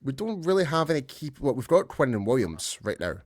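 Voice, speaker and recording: A man's voice: medium pitch, sing-song, a little fast. A man co-hosting a casual sports podcast, talking loosely and poking fun at himself. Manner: chatty, loose, self-deprecating. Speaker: podcast co-host.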